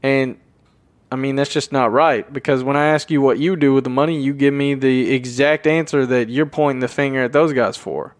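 A man's voice: medium pitch, fairly even intonation, moderate pace, no echo. A man hosting his own show, talking off the cuff in a rambling, self-deprecating and emphatic way. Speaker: podcast host. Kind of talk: unscripted solo talk.

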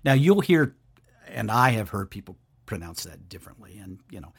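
A man with a husky, slightly rough voice hosts a devotional podcast. He speaks earnestly and conversationally, addressing the listener directly. His pitch moves a lot, rising and falling as he talks. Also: big pitch swings, normal speed. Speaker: podcast host.

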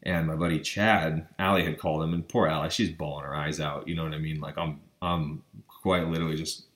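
A man's voice: very deep voice, steady tone, brisk, fairly bright tone. A man earnestly retelling a personal experience, with frequent stammers and restarts, leaning on the word literally. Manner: keeps saying literally. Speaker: vlogger. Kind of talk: personal storytelling.

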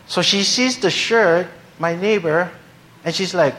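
Higher-voiced male pastor telling stories. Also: unhurried, fairly bright tone. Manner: humorous storytelling, acting out quoted voices. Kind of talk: sermon anecdote.

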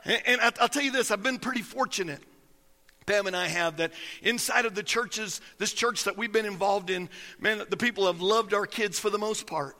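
A man's voice: high voice, moderate pace, sharp tone, long reverb tail. A man preaching a sermon as pastor, folksy and emphatic, telling stories to his congregation.

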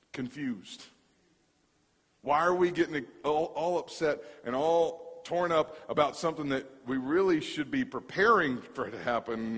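A man preaching a sermon as a pastor. He tells stories in an animated way, repeats words and acts out the dialogue. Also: medium pitch, long reverb tail.

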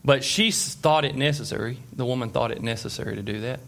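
Male preacher, relaxed storytelling sermon, asks the room questions. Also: mid-range voice, quick pace, creaky. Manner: conversational storytelling with fillers and asides; checks in with the listeners. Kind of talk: informal sermon.

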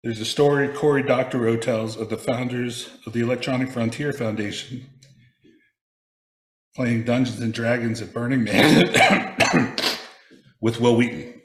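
Man telling a wry story in an echoey room. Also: medium pitch. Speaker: speaker sharing a personal reflection. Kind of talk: prepared personal reflection read aloud.

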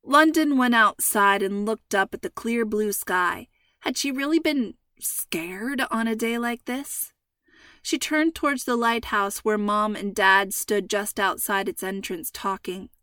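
A woman reading a story aloud in steady, clear narration. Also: mid-range voice, unhurried, no room sound, studio quality, distant mic. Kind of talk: scripted narration.

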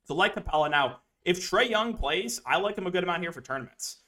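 Animated and sharp-toned, this young DFS analyst speaks briskly in a high-pitched voice. He's hosting a casual sports betting podcast on fantasy sports, wandering through his picks and a story, packed with filler words.

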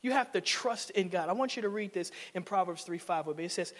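Preacher, male, high voice, playful then loud, reverberant sanctuary. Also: quick pace, hardly any pauses. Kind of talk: sermon. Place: church sanctuary.

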